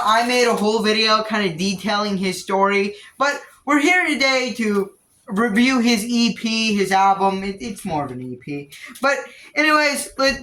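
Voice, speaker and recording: A woman's voice: a little high, sharp tone. A woman vlogging a casual album review from a room at home, talking in a rambling, offhand way and often correcting herself. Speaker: music reviewer. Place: room at home with her cat. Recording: roomy echo.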